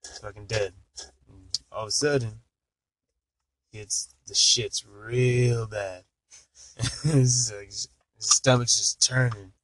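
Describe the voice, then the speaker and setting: A man's voice: lowish voice, fairly even intonation, slow, pauses often, fairly bright tone, poor audio. A young man telling a dirty joke in casual chat, rambling and cursing constantly.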